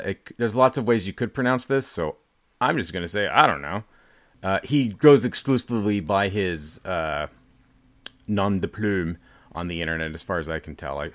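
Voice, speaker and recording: A man's voice: low voice, no room sound. A middle-aged man co-hosting a podcast, rambling and poking fun at himself in casual banter. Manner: self-deprecating, rambling, drops into soft mumbles. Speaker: podcast co-host.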